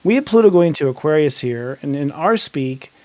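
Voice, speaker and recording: A man's voice: on the high side, expressive, moderate pace, dark tone. A middle-aged man hosting an astrology podcast, talking eagerly with a guest and laughing easily. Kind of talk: conversational interview.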